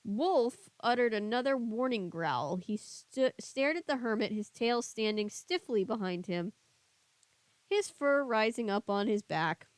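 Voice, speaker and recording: A woman's voice: fairly high pitch, animated, unhurried, clean tone, no room sound. A young woman with a Southern US accent reading a children's book aloud on a stream, stopping to chat casually with viewers. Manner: reads the book, then chats casually with viewers.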